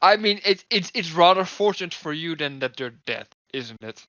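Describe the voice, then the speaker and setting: Wry man, bright, dry lo-fi sound. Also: a little high, expressive, normal speed, no echo. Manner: wry, needling, stubborn banter. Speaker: player. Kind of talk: in-character tabletop role-play. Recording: dull lo-fi dry home mic.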